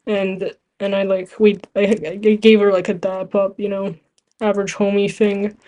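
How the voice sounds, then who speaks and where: Telling a meandering story over gameplay, this teen gaming vlogger, a non-native English speaker, giggles and keeps starting over. She speaks at a moderate pace in a medium-pitched, dark voice with fairly even intonation.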